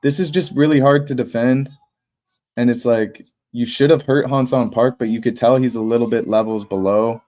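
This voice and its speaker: A young man calling a fight live on his stream, with a middle-pitched voice. He talks casually and bluntly and throws in slang and swears. His tone moves between flat and fired up. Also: moderate pace. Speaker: livestream host. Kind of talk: live fight watch-party commentary.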